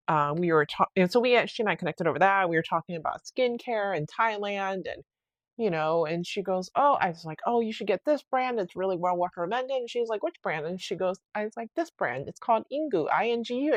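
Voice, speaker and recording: A woman's voice: medium pitch, no echo. Chatty woman rambling on a podcast. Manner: rambling, animated retelling with many fillers and restarts. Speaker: podcast host. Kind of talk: casual solo podcast storytelling.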